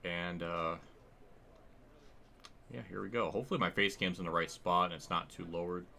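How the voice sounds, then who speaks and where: Guy streaming a racing game, lowish sharp voice, rambles n restarts a lot. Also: fairly even intonation, normal speed, gravelly, slight background noise. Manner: rambling, casual, thinks aloud with frequent restarts; swears casually. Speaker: livestreamer. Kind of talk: live sim-racing gameplay commentary.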